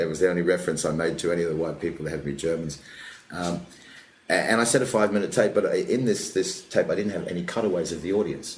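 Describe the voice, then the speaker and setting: Male comic, deep, quick, rambling; echoey room recording. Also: a little hiss or hum. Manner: rambling, animated anecdotes with quoted voices. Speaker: comedian guest. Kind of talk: casual podcast chat, storytelling. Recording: roomy echo, faint background ambience.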